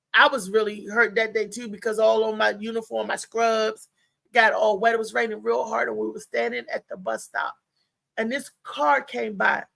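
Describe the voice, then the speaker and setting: Gravelly bright-voiced woman telling stories. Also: a little high, no room sound. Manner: animated, chatty, talks to listeners as "y'all". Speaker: show host. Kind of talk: casual storytelling on a live show.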